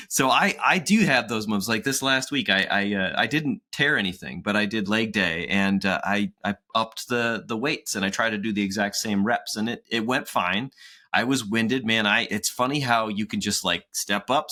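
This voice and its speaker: With a lowish, sharp-toned voice at normal speed, this forty-something podcast co-host keeps things casual and talkative. Frequent laughter and acted-out quotes run through his talk.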